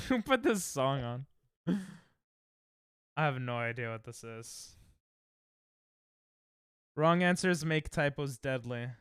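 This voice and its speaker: A young man streaming casually, reacting excitably and thinking aloud while he plays, sounding tired. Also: mid-range voice, slow pace, long pauses, clear, resonant tone, no room sound, clean studio sound. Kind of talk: casual live-stream chat while playing games.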